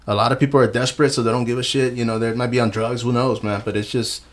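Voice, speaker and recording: A man's voice: medium pitch, level tone, quick pace. A man in his forties hosting a podcast, rambling in casual chat with many fillers and calling people man and bro. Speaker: podcast host. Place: podcast studio.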